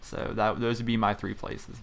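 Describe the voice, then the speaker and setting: A man's voice: lowish voice, little pitch movement, moderate pace, creaky. A young man from Pennsylvania, a gaming YouTuber, chatting loosely over gameplay from a small room at home, with lots of fillers and restarts. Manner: rambling, chatty, frequent fillers. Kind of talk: casual commentary over gameplay.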